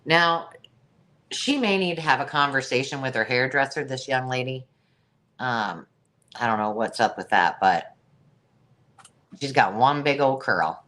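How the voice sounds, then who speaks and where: A woman's voice: extremely low pitch, expressive, a little slow, pauses often, a bit bright. A woman hosting a live online sale, chatty and jokey, laughing at her own remarks. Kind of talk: live-stream sales chat.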